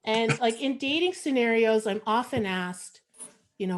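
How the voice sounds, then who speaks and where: This Canadian-accented comedian from Montreal delivers a frank, sardonic stand-up set over video call in a conversational style heavy with fillers. She speaks a little slowly in a slightly high voice, with a faint hiss or hum behind her.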